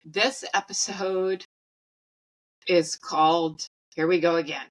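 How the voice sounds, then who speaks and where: A woman's voice: fairly low pitch, fairly even intonation, slow pace, poor audio. A woman in her thirties hosting a podcast, telling a personal story in a blunt, profane, casual way and laughing at her own jokes. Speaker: podcast host.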